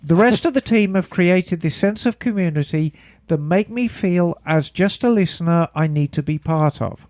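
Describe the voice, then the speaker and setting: A man's voice: sits high, animated, normal speed, darkish tone, no room sound, clean studio sound. A man co-hosting a podcast, reading a listener's email aloud in a casual, playful way with joking asides. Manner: playful, breaks into mock British asides while reading. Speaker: podcast co-host.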